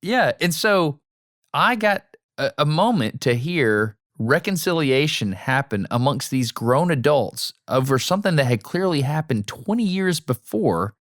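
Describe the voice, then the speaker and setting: Man, podcast co-host, casual chat, animated storyteller, dry close mic. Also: a little high, a little slow, dry recording. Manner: animated storyteller, acts out overheard lines.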